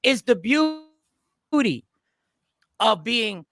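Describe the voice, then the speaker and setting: High, gravelly man telling a story. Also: extremely slow, no room sound, studio quality. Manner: animated, acts out both sides of customer exchanges; loose, slangy greetings to chat viewers. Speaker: comedian hosting a live stream. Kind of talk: casual live-stream storytelling.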